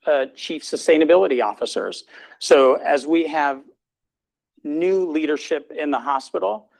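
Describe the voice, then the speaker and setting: A man's voice: fairly high pitch, gravelly, poor audio. A middle-aged man giving a hospital grand rounds talk and taking questions, speaking informally with many fillers and restarts. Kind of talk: hospital lecture and Q&A. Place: hospital lecture room.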